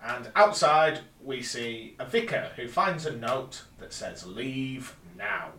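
A man's voice: medium pitch, lively intonation, measured pace, sharp tone. A man recapping an episode plot step by step on a casual podcast, with dry little asides. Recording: roomy, distant mic.

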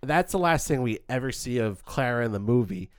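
A man casually reviewing a film as a podcast co-host, animated and acting out quoted lines. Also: mid-range voice, fairly quick, clear, resonant tone, no room sound, clean studio sound.

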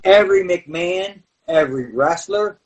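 A high-voiced man spins animated stories, laughing and acting out scenes. He sits a little away from the microphone, so his voice sounds slightly distant. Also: a little slow. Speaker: guest, former pro wrestler. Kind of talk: podcast storytelling. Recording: voice a bit far from the mic.

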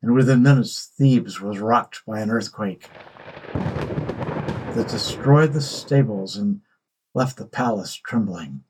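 A man narrating a myth in a measured storytelling voice. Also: on the low side, a little mellow, a little hiss or hum, rough recording.

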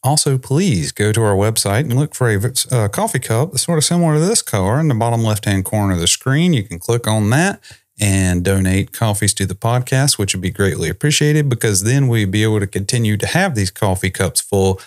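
A man co-hosting a podcast, chatting casually and joking in a boastful deadpan way. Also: fairly low pitch, fairly quick. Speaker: podcast co-host. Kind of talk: casual podcast outro chat.

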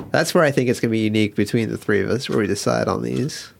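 A man's voice: fairly low pitch, a little fast, vocal fry. A man co-hosting a podcast, chatting casually and asking questions. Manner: inquisitive, asks questions. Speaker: podcast co-host. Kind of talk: casual chat.

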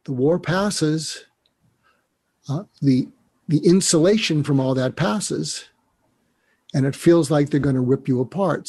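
A psychiatrist guest on an interview show talks in a higher-than-average male voice with a darkish, husky tone. He lays out his ideas earnestly and reflectively, moving step by step, and turns emotional when speaking of a mentor.

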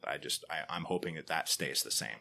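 Middle-aged guy with a really low voice, chatting in an interview, lively storyteller who restarts a lot. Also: brisk, gravelly, a little hiss or hum. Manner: animated storyteller, acts out quoted people, frequent restarts. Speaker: podcaster and author, interview guest. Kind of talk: casual interview conversation.

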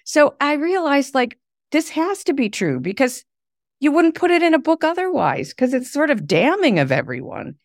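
A middle-aged woman, a podcast guest, telling animated stories and laughing often. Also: high-pitched, moderate pace, no room sound, studio quality. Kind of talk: conversational interview.

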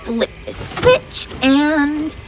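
Woman, kids' show host, high bright voice, swooping and lively, playful and bubbly. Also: very slow, very noisy. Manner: bubbly and animated, with comic asides. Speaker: host of a children's wildlife show. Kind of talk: playful scripted presenting for kids.

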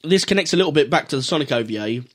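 A man's voice: fairly high pitch, lively intonation, rapid-fire. A man co-hosting a podcast, explaining and critiquing an anime in a casual, opinionated chat. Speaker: podcast co-host.

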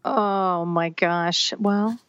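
A woman's voice: lowish voice, drawn-out words, clear, resonant tone, no room sound. Chatty New woman, dry dull audio. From New York. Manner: chatty and animated, acts out quotes. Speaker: guest, twin parenting educator. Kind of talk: casual interview chat.

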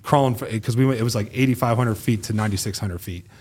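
A man's voice: on the low side, quick pace, slightly rough. A man in his thirties, a former pro football player and a podcast guest, telling stories in casual chat, acting out what people said and swearing freely. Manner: animated storyteller who acts out quoted speech, swears casually.

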